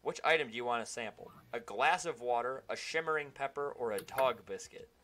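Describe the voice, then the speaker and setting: Bright, jokey young man reading a game. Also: medium pitch, brisk, slight background noise. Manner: animated, jokey. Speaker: streamer playing a game. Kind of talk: reading game text aloud on a live stream.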